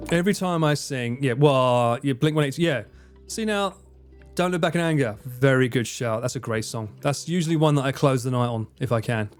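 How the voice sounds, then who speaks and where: A man's voice: mid-range voice, brisk, faint music behind. A man from Essex with an Essex accent, chatting casually on a live stream, self-deprecating and thanking viewers by name. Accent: Essex English. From Essex, England. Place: home in Japan.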